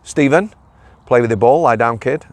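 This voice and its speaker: A man's voice: medium pitch, moderate pace, no room sound. A middle-aged man with a Greater Manchester accent, a former prison officer telling blunt, chatty stories on his own channel. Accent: Northern English, Greater Manchester. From England. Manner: blunt, chatty, drops in local dialect words. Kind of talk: casual storytelling vlog.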